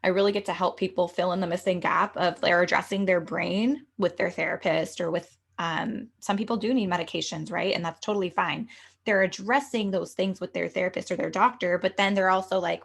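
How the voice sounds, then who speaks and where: A woman's voice: mid-range voice, normal speed, creaky, fairly bright tone. A young adult woman, a medium and coach, speaking as a podcast guest in an earnest, flowing way with many fillers. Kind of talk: casual interview talk.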